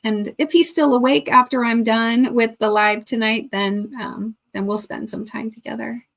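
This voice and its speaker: A woman's voice: fairly high pitch, steady tone, moderate pace, vocal fry, fairly bright tone. A woman hosting a casual live stream, chatting and reading viewer comments aloud, laughing often.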